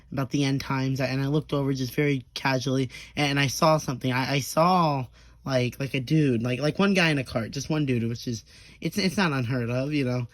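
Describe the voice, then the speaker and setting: A man's voice: mid-range voice, dry recording. A young man telling a rambling, profane story in a casual storytime monologue, full of stammers and restarts, briefly acting out the people he quotes. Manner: acts out quoted people in short bursts.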